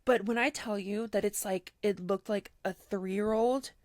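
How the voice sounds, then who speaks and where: A woman's voice: medium pitch, measured pace, no room sound, studio quality. A woman co-hosting a casual podcast, animatedly retelling a story with lots of "like" and quoted dialogue. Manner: animated retelling, heavy use of "like", quoting others in her own voice. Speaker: podcast co-host.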